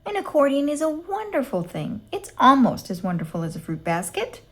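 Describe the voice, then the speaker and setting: A fluttery, gushing neighbor, as a woman puts her on, trilling her lines up and down. She chatters on brightly in a storybook voice with a lively, sing-song lift. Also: high voice, fairly quick, voice pushed up, full character voice.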